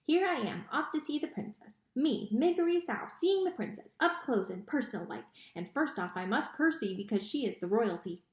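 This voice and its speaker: A woman's voice: fairly high pitch, big pitch swings, moderate pace, hardly any pauses. Mig, a woman doing a rustic, eager serving girl. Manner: rustic country speech. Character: simple, clumsy young serving girl. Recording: echoey room.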